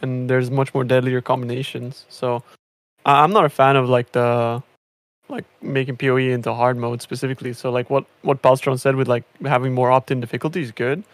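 A man's voice: mid-range voice, level tone, a little fast, dry recording. A man chatting casually about a video game, rambling with many fillers and restarts. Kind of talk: casual gaming chat.

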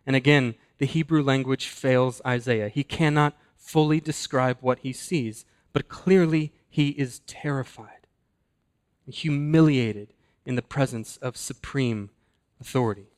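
Man, pastor, mid-pitched voice, earnest sermon delivery, slows and hushes for emphasis. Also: clean tone.

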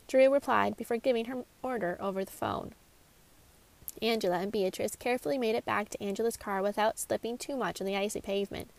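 Gravelly woman reading a story aloud. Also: medium pitch, steady tone, brisk, a little mellow. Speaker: author reading her story. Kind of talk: storybook narration.

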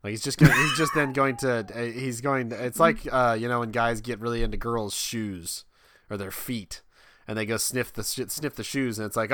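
A man's voice: mid-range voice, fairly even intonation, moderate pace, fairly bright tone, no echo, clean studio sound. A man co-hosting a podcast, trading wry, teasing jokes in casual banter. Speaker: podcast co-host.

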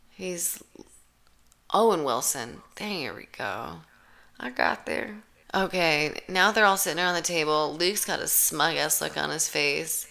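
A woman's voice: on the low side, animated, measured pace, gravelly, pushed and bright. A woman giving casual reaction commentary while watching a show, sarcastic and profane, with rambling asides.

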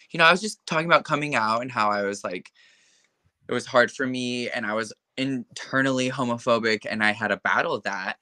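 Young guy, kinda low but bright voice, dry close sound, chatty and blunt, says like a lot. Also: dry recording. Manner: frank, chatty, many fillers like "like" and "you know". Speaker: interview guest. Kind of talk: casual conversation.

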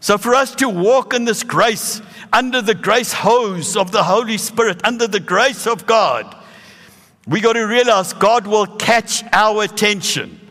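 A man in his sixties with a South African accent, preaching a sermon with animated, emphatic bursts. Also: high-pitched, big-room sound. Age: 60s.

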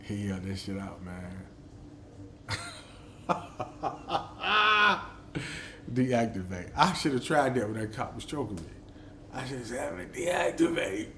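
A man's voice: fairly low pitch, normal speed. Middle-aged guy rambling on his podcast, swears a lot, acts stuff out, faint hum behind. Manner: animated storyteller who acts out quotes; loose and profane. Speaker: podcast host. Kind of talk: casual podcast monologue.

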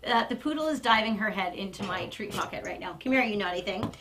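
Woman, dog trainer, live stream, very expressive, light background noise. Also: quick pace, low-quality recording. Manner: excited high-pitched praise to a dog; chatty and animated.

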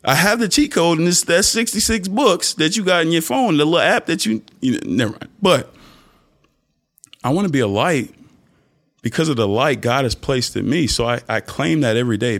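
A young man hosting a podcast, giving an earnest, preachy, faith-based motivational talk that often jumps into high mock voices for emphasis. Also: lively intonation, normal speed, a bit bright. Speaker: podcast host.

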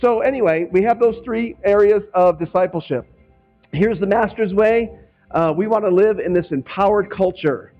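Chatty pastor guy from northwest indiana preaching, kinda high voice, muffled lo-fi sound. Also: moderate pace, faint music behind. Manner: conversational, acts out quoted voices. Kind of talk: sermon.

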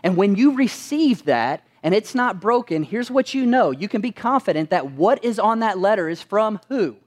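A man's voice: high voice, animated, moderate pace. A man preaching a sermon as pastor, asking his listeners rhetorical questions and answering them with emphasis.

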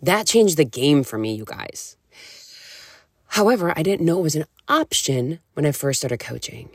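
A woman in her thirties, a podcast host and nutrition coach, talking in a candid, animated way, full of "like" and casual swearing. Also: low-pitched, normal speed, breathy edge, dry recording, clean studio sound. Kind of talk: casual solo podcast talk.

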